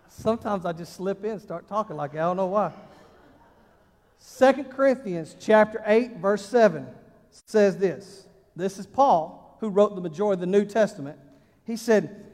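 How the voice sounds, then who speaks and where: A high-voiced man preaches a folksy, emphatic sermon. He swings from loud punches to quiet asides. His voice carries a long reverb from a large church hall. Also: expressive, moderate pace. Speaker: pastor.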